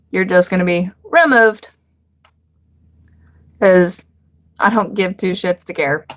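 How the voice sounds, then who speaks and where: A young woman hosting a casual live stream, chatting bluntly with viewers, swearing freely and laughing often. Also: mid-range voice.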